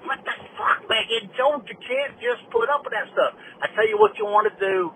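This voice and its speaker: A man's voice: sits high, brisk, sharp tone, a little hiss or hum, poor audio. A man putting on a rowdy good-old-boy caller in a folksy, rambling, conspiratorial voicemail.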